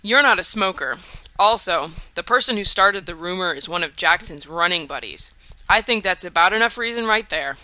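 Brief: audiobook reader doing a cryptic schoolboy, halting then insistent, crisp bright voice. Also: mid-range voice, lively intonation, no echo. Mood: earnest. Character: earnest, cryptic teenage schoolboy. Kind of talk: audiobook character voice.

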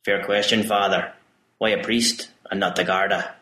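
Man voicing a gentle, deep-voiced policeman. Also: steady tone, moderate pace, reverberant. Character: calm, gentle male police officer.

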